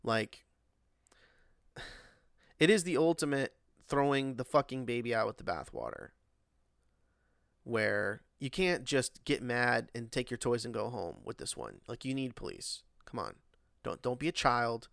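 A man talks in a loose, profane monologue, circling back with fillers as his exasperation builds. His voice has a gravelly edge and sits mid-range. The recording is close and dry, with no room sound. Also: medium pitch, very animated, a little slow, long pauses, fairly bright tone, no echo. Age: adult, working. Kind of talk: casual monologue rant.

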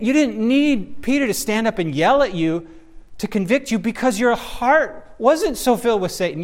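A man's voice: sits high, a little mellow. A man leading a conversational Bible discussion, speaking earnestly and searchingly, often restarting his sentences as he looks for words. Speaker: Bible teacher.

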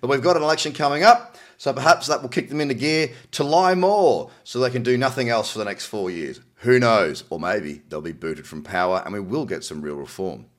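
A man's voice: medium pitch, animated, fairly quick, few pauses. An Australian man hosting a crypto news show, reading articles aloud with cynical, chatty asides. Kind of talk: casual news commentary.

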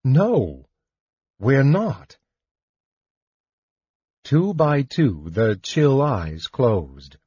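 A man reads a fantasy novel aloud at an unhurried pace, his pitch moving expressively across each sentence. His voice has a husky edge, and the recording is dull and dry. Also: dry recording. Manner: slow, expressive reading. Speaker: audiobook narrator. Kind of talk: scripted narration.

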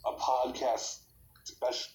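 A man's voice: slow, darkish tone, low-quality recording. A man co-hosting a podcast, making dry, teasing remarks in casual chat. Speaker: podcast co-host.

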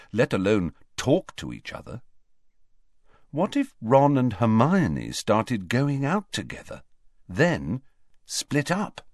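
A man narrating an audiobook with expressive storytelling. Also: mid-range voice, no room sound, clean studio sound.

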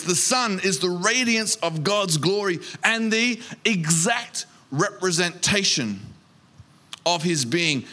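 Pastor guy preaching, high-ish voice, reads bible bits, acts out the disciples, slows down for the big lines. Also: sharp tone. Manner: emphatic, slows down on key phrases. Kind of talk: sermon.

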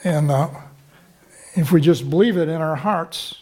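A man with a high-pitched voice preaches a sermon. He teaches from scripture in a conversational way, often stopping to check in with the congregation through short questions. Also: measured pace, a little mellow. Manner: teaching, with frequent rhetorical check-ins to the congregation.

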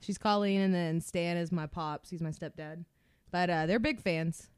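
A woman's voice: fairly low pitch, moderate pace, clean tone, no echo. A young woman co-hosting a podcast in casual chat, laughing and snorting often as she talks. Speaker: podcast co-host.

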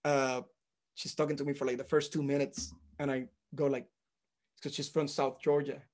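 Here a Puerto Rican man co-hosting a podcast talks at a moderate pace in a mid-range voice. The conversation is loose and casual, full of lively, profane storytelling.

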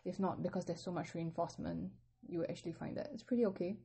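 A woman with a somewhat low, mellow voice gives an easygoing online language lesson. She talks patiently and explains each point step by step, with relaxed fillers along the way. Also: quick pace, vocal fry, slightly rough. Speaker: Chinese language teacher.

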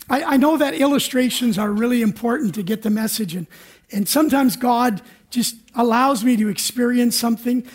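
High-voiced pastor telling a chatty story. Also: male voice. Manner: chatty self-deprecating storytelling, acts out his own panic. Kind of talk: sermon. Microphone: recorded for radio.

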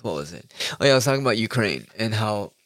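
In a clean, echo-free studio recording, a man with a fairly low, slightly bright voice rants fast and very animatedly straight to his audience. His casual monologue rambles, runs heated, and is packed with swearing.

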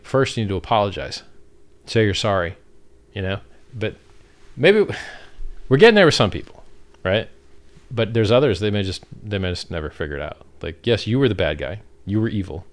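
A man with a somewhat low voice hosts a livestream. He talks in an animated, blunt, casual way and swears freely, close to a desktop streaming mic. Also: normal speed. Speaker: livestream host.

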